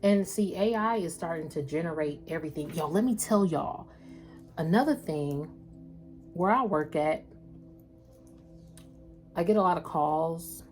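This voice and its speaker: A woman's voice: low voice, a little slow, long pauses, darkish tone, soft background music. A woman doing a casual spiritual reading, chatting with viewers in a slangy, loose way. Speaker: spiritual tarot reader.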